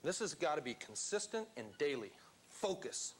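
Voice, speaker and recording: A male seminar speaker delivers a motivational talk to a live room. His voice sits a little high for a man, and he speaks emphatically, quizzing the audience as he goes. A faint hum of ambience sits behind him. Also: big pitch swings, normal speed.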